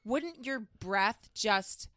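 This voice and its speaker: Emphatic woman co-host, bright voice. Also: mid-range voice, animated, drawn-out words, dry recording, clean studio sound. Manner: emphatic, repeats herself when she dislikes something. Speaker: podcast co-host. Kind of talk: casual chat.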